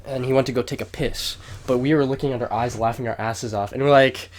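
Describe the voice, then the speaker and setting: A young man with a medium-pitched voice talks fast over slight background noise while co-hosting a podcast. He rambles through a long story in casual chat, swearing a lot and raising his voice to act out quotes in a lively retelling.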